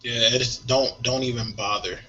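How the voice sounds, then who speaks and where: A man co-hosting a casual music talk show, sharing strong opinions in a lively way and laughing often. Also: medium pitch, moderate pace, a loud crowd. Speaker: podcast co-host. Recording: dull lo-fi sound.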